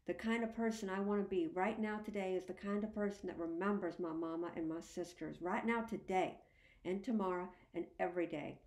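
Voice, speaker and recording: A woman's voice: fairly low pitch, fairly even intonation, fairly quick, a little mellow, roomy sound. A woman narrating a first-person story aloud, in an emotional, earnest storytelling manner. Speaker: audiobook narrator.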